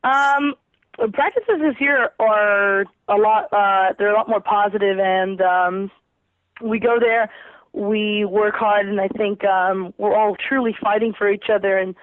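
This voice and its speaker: A woman soccer player from New Jersey being interviewed by phone, answering casually with lots of hesitant filler pauses. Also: mid-range voice, fairly even intonation, dry recording. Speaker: pro soccer player, guest. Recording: tinny dry phone line.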